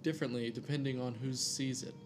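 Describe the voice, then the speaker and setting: A man's voice: medium pitch, steady tone, a little fast, noisy background. Casual man reading a scary story. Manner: reads aloud with jokey asides and stumbles over names.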